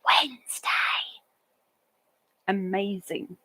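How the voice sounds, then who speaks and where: A woman's voice: medium pitch, drawn-out words, pushed and bright, no room sound, low-quality recording. A woman hosting a casual live stream, chatting and reading viewer comments aloud, with sing-song greetings for each newcomer.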